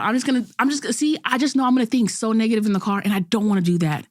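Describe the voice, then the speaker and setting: A woman's voice: on the high side, lively intonation, fast talker, no room sound, clean studio sound. A young woman in her twenties hosting a podcast, talking through a candid, self-critical monologue in casual slang with frequent restarts. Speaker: podcast host.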